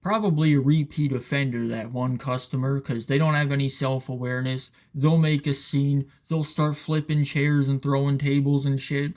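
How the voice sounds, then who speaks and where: A man's voice: medium pitch, fairly even intonation, moderate pace, hardly any pauses, a little mellow. A man giving a casual, profane, sarcastic rant as commentator, often asking "all right?".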